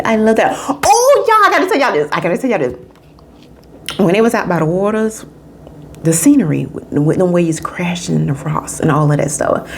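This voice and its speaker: A movie reviewer and channel host gushes chattily in a casual video review, addressing her viewers directly. She sometimes drops into hushed whispers and sometimes jumps to high squeals. Her voice has vocal fry, with slight background noise.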